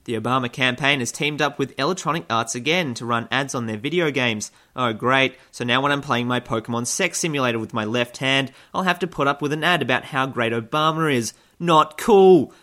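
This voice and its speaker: A man's voice: mid-range voice, pushed and bright. A man hosting satirical news commentary, delivering figures straight and then cutting in with sarcastic, mock-cheerful jokes. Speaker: comedy news host.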